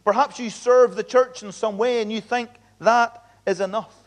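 Male pastor, high voice, emphatic earnest sermon delivery. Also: steady tone, moderate pace. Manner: earnest, emphatic preaching with repeated appeals. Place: church.

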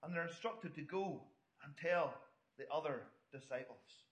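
A middle-aged man on the high side of the pitch range preaches a little slowly. His sermon is chatty, with storytelling asides aimed at the congregation, and it echoes through the hall.

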